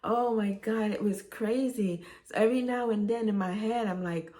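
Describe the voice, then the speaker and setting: A woman's voice: medium pitch, moderate pace, dark tone. A middle-aged woman, telling rambling, nostalgic stories in a casual vlog. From Brooklyn, New York. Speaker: vlogger.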